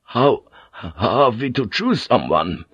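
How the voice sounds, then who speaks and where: A man reading an audiobook, voicing a frightened, pompous ship's captain-general who rasps and whines. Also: medium pitch, big pitch swings, slow, dry recording, muffled recording, full character voice. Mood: pleading. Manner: raspy, whining.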